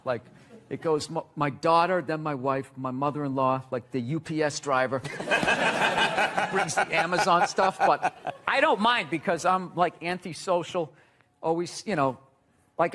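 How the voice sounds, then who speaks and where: A man who is a comedian and talk show guest, telling profane stories in a blunt, animated way. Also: a little high, a little hiss or hum. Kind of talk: profane ranting comedy and chat.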